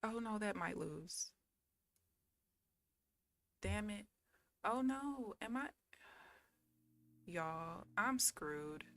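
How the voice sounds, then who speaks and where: A woman's voice: mid-range voice, lively intonation, very slow, pauses often, fairly bright tone, no echo. A woman live streaming her day trading, talking casually to viewers and swearing bluntly in frustration.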